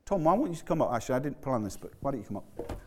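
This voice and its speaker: This pastor races through his sermon in a mid-range voice, loose and animated like a conversation. He frequently trips over words and restarts them while telling the story.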